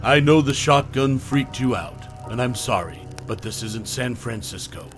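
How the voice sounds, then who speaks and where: A man voicing a pragmatic young man who calmly persuades a scared friend. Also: mid-range voice, moderate pace, soft background music, close to an everyday voice. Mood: persuasive.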